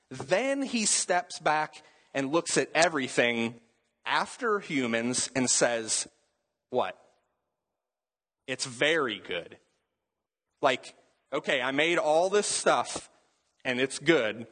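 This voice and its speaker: A man preaching in an easygoing, conversational manner, leaning on "like" as he goes. His voice is a little husky. Long reverb from a large hall trails after each phrase. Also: medium pitch, a bit bright. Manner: casual and conversational, with many "like" fillers. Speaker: pastor. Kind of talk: sermon.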